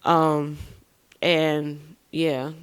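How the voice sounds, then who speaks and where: Frank, expressive woman podcast host. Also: sits low, extremely slow, clear, resonant tone. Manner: frank and expressive, addresses listeners as y'all; swears casually. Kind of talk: candid personal storytelling. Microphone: podcast microphone.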